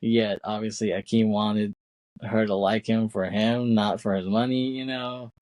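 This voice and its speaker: Low-voiced man casually retelling a film. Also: steady tone, unhurried, a little mellow, no echo. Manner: rambling retelling with many fillers, acting out lines from scenes. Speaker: podcast co-host. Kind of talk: casual film recap chat.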